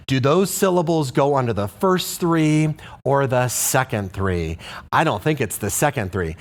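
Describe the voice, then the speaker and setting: A man's voice: mid-range voice, expressive, unhurried, slight background noise. A man teaching a music lesson to camera, chanting rhythm syllables and singing short song phrases with enthusiasm.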